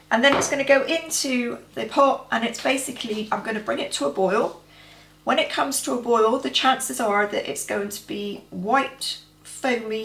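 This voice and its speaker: A woman's voice: mid-range voice, creaky, a bit bright, echoey room, poor audio. A woman host giving chatty, practical step-by-step cooking instructions in her home kitchen. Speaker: cooking vlogger. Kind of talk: casual cooking demonstration.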